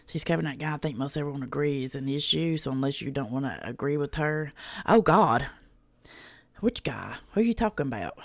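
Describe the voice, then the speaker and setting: This reaction livestream host has a gravelly, medium-pitched voice with lively intonation and a slightly quick pace. Between folksy, drawling remarks full of casual cursing, the host greets viewers by name.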